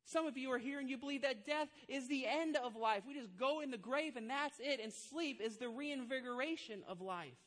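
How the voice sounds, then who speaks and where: A man in the role of pastor, delivering a sermon by retelling a story and voicing each character in turn. His delivery moves from hushed narration to forceful, ringing emphasis as he drives his points home. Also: very high-pitched, normal speed, few pauses. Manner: storytelling, acts out quoted voices, builds to loud emphatic climax.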